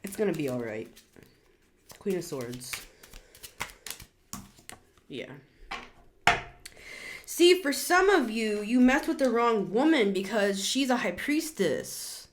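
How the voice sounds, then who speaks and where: A woman's voice: very animated, unhurried, background noise. A woman in her thirties giving a blunt, scolding tarot reading in a casual monologue. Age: 30s. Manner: blunt, scolding, emphatic with sudden high outbursts. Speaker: tarot reader.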